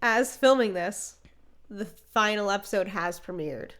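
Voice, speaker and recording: A young woman co-hosting a casual podcast chat, telling stories with lively acted-out reactions. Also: medium pitch, measured pace. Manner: animated storyteller, acts out her own reactions. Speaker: podcast co-host.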